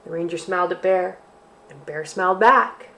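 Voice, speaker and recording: Reading a picture book to kids during library storytime, this woman uses a lively, sing-song delivery. She speaks at a normal speed in a voice on the low side.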